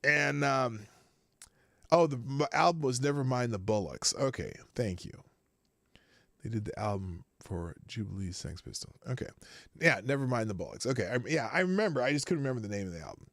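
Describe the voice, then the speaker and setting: Male live-show host, casual rambling commentary, sharp bright voice, dry close sound. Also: mid-range voice, animated, fairly quick, gravelly, dry recording. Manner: rambling, many fillers and restarts; chats with viewers, reads super chats.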